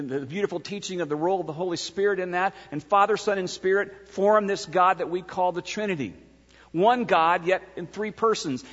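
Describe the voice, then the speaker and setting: A man preaching a sermon in an earnest way, dropping low and slowing down on key phrases. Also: in a large hall, dull audio. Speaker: pastor.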